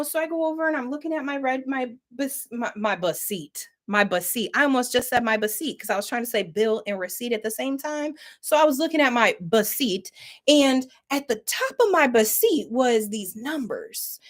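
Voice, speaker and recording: A woman telling funny stories in a casual monologue, animated and laughing often as she acts out the voices of others. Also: high voice. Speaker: vlogger.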